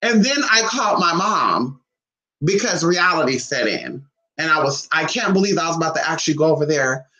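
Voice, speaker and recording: A woman vlogger telling a story in a sassy, profane, animated way, calling her viewers honey and girl. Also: fairly quick, reverberant, poor audio. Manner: dramatic swoops in pitch. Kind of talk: casual storytime monologue.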